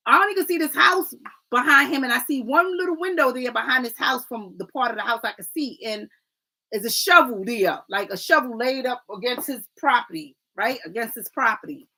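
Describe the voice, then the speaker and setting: Woman doing a card reading on a live stream, kinda high, gravelly fry, keeps saying right? and family. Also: brisk, sharp tone, low-quality recording. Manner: chatty, repeats "right?" and "family"; stumbles over names, apologizes. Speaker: oracle card reader. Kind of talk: casual livestream reading.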